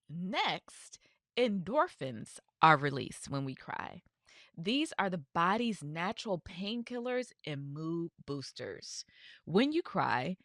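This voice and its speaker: Bright, lively woman telling a personal story. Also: on the low side, no echo, clean studio sound. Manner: candid, conversational, with frequent "you know" asides. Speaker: podcast host and reverend.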